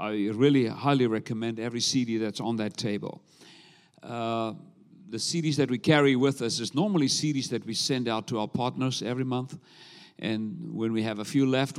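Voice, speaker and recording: A South African man preaches as a guest speaker in a mid-range voice, and the hall rings with long reverb around him. He begins unhurried and humorous before he moves into the message. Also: medium pitch. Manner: warm-up banter, humorous, unhurried. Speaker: visiting preacher. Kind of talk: sermon.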